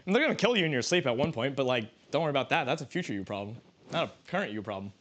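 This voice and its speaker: Streaming as he cooks, a man talks in a mid-range, sing-song voice that's fairly bright and rapid-fire. His chat is joking and rambling, full of restarts, with slight background noise.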